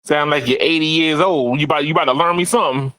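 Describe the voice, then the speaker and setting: A man hosting a casual tech podcast, animated, laughing often and repeating words as he talks. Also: on the high side, fast, no room sound, rough recording. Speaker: podcast host.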